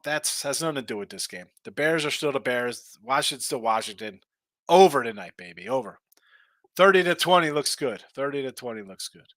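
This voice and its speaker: A man's voice: mid-range voice, bright, forceful tone, no room sound. A middle-aged man hosting a sports betting show, chatting casually and bluntly ranting while reading viewer comments.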